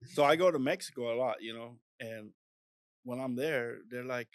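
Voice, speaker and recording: A man's voice: medium pitch, fairly quick, no room sound. A man in his forties who grew up in Iran, now a police officer, talks as a podcast guest. He is easygoing and chatty, sprinkling in "like" and "right?" and chuckling at his own stories. His voice sits mid-range, and the room sound is dry and close. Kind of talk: casual podcast conversation.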